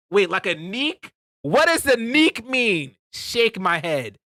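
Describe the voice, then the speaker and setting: A man's voice: sits high, very animated, slow, bright, forceful tone, no echo, studio quality. A man streaming, reacting to a clip in a casual, slangy way, often laughing.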